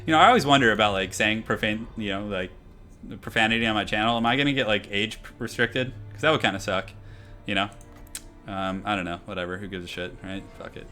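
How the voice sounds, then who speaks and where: Young male streamer, relaxed rambling chat, bright forceful tone, faint music behind. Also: fairly low pitch, fast. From half Irish heritage. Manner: laid-back, rambling, lots of fillers. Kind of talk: casual live-stream commentary.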